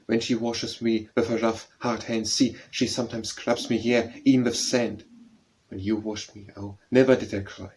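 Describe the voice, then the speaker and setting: A man's voice: fairly low pitch, flat delivery, normal speed, darkish tone, slightly rough. A man voicing a little grieving orphan boy in a plaintive, pleading tone, reading a storybook poem aloud. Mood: sorrowful.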